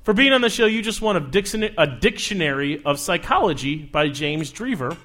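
A young man hosting a casual comedic interview, loud and teasing, joking at his guest. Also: a little high, big pitch swings, brisk. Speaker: host.

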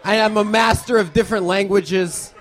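A man's voice: high-pitched, fairly even intonation, moderate pace, a bit bright. A man improvising a grown man posing as an eleven-year-old orphan boy, in a mock-earnest manner. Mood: boastful.

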